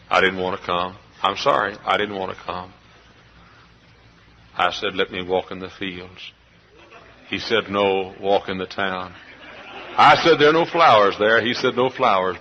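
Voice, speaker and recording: A middle-aged man preaching a sermon as a pastor, swinging from hushed confiding to shouted outbursts. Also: low voice, little pitch movement, a little slow, long pauses, muffled recording, slight background noise. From Texas. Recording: live church service recording.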